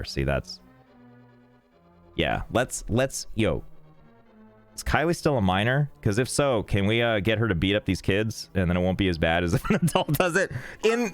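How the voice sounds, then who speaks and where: Brief: male game streamer, lower voice with a lively, bouncing delivery, jokey and irreverent over faint game music. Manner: joking, rambling, irreverent, swears freely. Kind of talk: casual live-stream banter while gaming.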